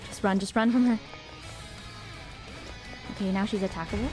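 Woman streamer, excitable, shrieky, gasping chatter over loud game music. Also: mid-range voice, normal speed. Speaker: gamer streamer. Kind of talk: live gameplay commentary. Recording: game music playing loudly behind.

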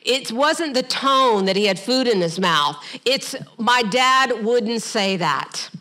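Middle-aged woman pastor, bright and forceful tone, lively preaching with joking asides. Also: fairly high pitch, slow. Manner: animated preaching with humorous asides; acts out quoted voices in passing. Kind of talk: sermon.

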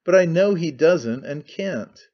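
A gloomy, brooding idealist, read by a man, grave and curt, in an audiobook. His voice sits slightly high over a dull, lo-fi recording. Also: expressive, takes it slowly. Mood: earnest. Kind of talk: audiobook character reading.

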